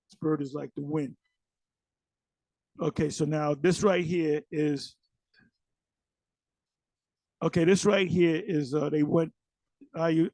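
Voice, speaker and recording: A man giving a casual religious commentary. He talks loosely and restarts often, and he slows down when he reads scripture aloud. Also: on the high side, gravelly, dark tone, no echo. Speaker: religious elder and teacher.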